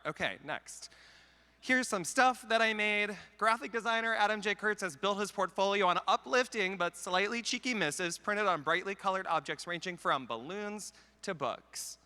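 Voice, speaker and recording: Wry, bright-voiced man on stage. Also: high voice, in a large hall. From Canada. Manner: wry, self-deprecating, quick jokes. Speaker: conference speaker. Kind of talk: comedic keynote talk. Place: large conference hall. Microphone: handheld mic.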